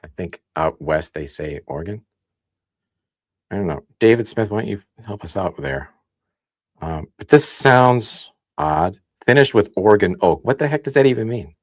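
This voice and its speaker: A man from the Midwest hosting a casual livestream, chatting and thinking out loud as he reads comments. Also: on the low side, dry recording, studio quality. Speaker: livestream host. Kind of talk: casual tasting livestream chat.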